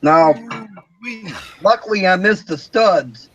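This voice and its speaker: A man telling a personal story in a casual chat, in a plain, steady way with short pauses. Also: sits high, muffled recording. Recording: faint background noise.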